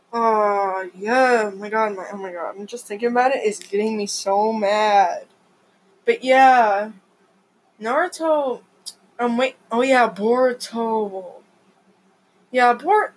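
A young woman vlogging in a rambling, excitable way, full of fillers and exclamations. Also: fairly high pitch, rough recording. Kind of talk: rambling casual vlog.

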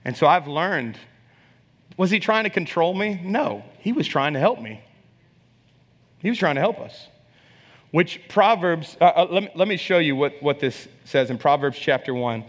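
A man's voice: fairly high pitch, animated, normal speed. A man preaching a sermon, telling a personal story in an emphatic, conversational way, often repeating phrases and putting questions to the congregation. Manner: conversational, asks the audience questions. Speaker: preacher sharing a testimony. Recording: long hall reverb.

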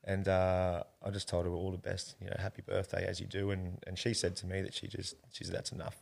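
This is an Australian man in a casual interview, his voice sitting very low with a rough, gravelly edge. He tells a long personal story in an earnest, rambling way, often calling the host mate. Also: monotone, brisk. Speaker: interview guest.

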